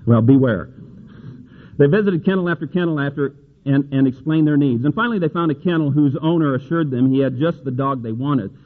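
Guy preaching a sermon, folksy and chatty, gets emphatic on the verses, sounds tinny like over the phone. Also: brisk. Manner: folksy, rising to emphatic pitch on scripture. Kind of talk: sermon with scripture reading.

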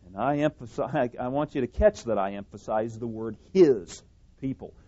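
A man's voice: mid-range voice, animated, normal speed, warm tone. A man preaching a sermon, speaking emphatically, repeating phrases and correcting himself as he goes. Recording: dull lo-fi recording.

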